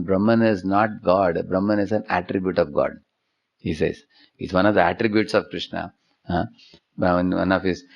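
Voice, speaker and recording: A man lectures on devotion in a low, gravelly voice. He tells stories and often turns to his listeners with tag questions. The recording sounds dull and lo-fi. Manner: storytelling, with frequent tag questions. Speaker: spiritual teacher.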